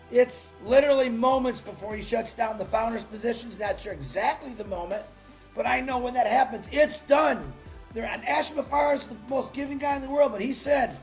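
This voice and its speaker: Greeting his chat by name, a livestream host works his viewers up with excited, sales-style encouragement that spills into shouts. He's on his own, speaking into a laptop mic in a very high, rasping voice with faint music in the background.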